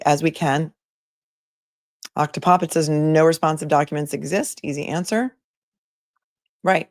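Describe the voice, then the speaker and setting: A woman's voice: deep voice, no echo, studio quality. A woman hosting a live commentary stream, chatting casually, joking and reading viewer comments aloud. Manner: chatty, jokey, reads chat messages aloud.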